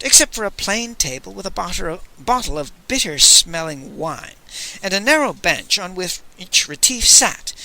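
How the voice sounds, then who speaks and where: Lively, bright male audiobook reader. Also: high-pitched, low-quality recording. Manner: lively, expressive reading. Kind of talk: dramatic audiobook narration.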